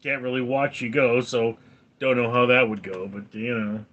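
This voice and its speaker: A man's voice: mid-range voice, fairly even intonation, moderate pace, a bit bright, highs cut off. A man in his forties hosting a casual livestream, reading out viewer comments and answering them dryly. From California. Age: 40s. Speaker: livestream host reading chat.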